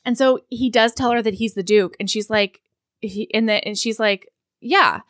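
Frank, animated woman recapping a book. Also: fairly high pitch, normal speed, no room sound, clean studio sound. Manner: animated, frank, acts out scenes. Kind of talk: casual book-discussion chat.

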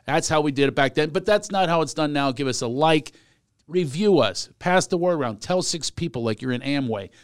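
A man's voice: a little high, lively intonation, brisk, no echo, studio quality. An older man, a comedian hosting a podcast, chatting casually and jokingly and laughing often. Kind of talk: casual chat.

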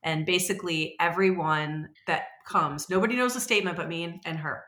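A woman in her forties, a podcast guest telling stories in a rambling, animated way and acting out the voices she quotes. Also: fairly low pitch, fairly quick, roomy sound. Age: 40s. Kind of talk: casual conversational storytelling.

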